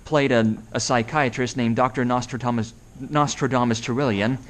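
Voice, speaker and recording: A man's voice: mid-range voice, steady tone, normal speed. Plain-spoken young man as a school guest speaker. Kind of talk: school talk about himself. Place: school classroom.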